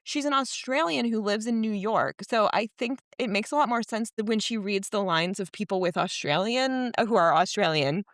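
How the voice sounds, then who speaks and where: A woman co-hosting a casual book club podcast, talking in a chatty, animated way with quick asides. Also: mid-range voice, dry recording, clean studio sound. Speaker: podcast co-host.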